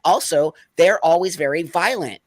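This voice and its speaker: A guest activist speaks in an emotional interview, blunt and passionate and sometimes close to tears. His voice is a little high, at a normal speed.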